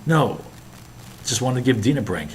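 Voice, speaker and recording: A man's voice: mid-range voice, very animated, normal speed, slight background noise, pitched above the performer's own voice, natural voice. A man reading a polite, earnest young junior officer who answers in a mild, reserved way. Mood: wary.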